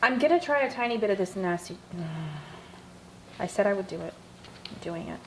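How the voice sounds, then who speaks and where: A woman's voice: medium pitch, lively intonation, a little fast, very noisy. A woman guest on a casual cooking show, chatting in a playful, teasing, wry way. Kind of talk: casual chat.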